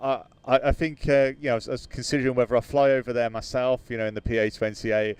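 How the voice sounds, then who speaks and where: A man from the UK hosts a casual flight sim livestream. His voice is smooth and clear, and he sits at a middle pitch. He fills his talk with ums and uhs, reads viewer comments aloud and laughs easily. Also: level tone, quick pace, darkish tone, no room sound. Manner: hesitant, many fillers, reads out chat, laughs easily.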